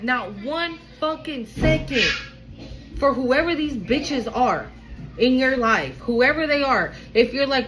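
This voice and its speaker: A woman's voice: on the high side, expressive, slow, fairly bright tone, poor audio. Blunt, profane woman tarot reader. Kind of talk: casual tarot reading to an online audience.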